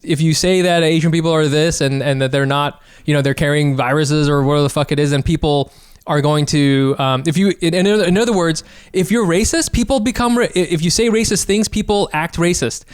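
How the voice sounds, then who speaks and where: Sarcastic rambling podcast co-host. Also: male voice, on the high side, a little fast, hardly any pauses, clear, resonant tone, no echo, clean studio sound. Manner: sarcastic, rambling, self-correcting. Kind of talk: casual podcast chat.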